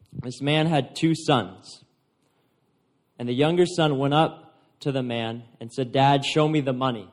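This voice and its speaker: A man's voice: mid-range voice, a little mellow. A man preaching a sermon to a congregation, reading scripture and retelling it in conversational everyday words.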